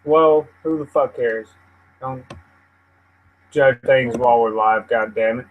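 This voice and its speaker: A man's voice: mid-range voice, takes it slowly, phone-quality sound. A man hosting a casual live news stream, swearing and venting at his computer as he rambles. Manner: profane, easily frustrated, rambling. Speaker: livestream host.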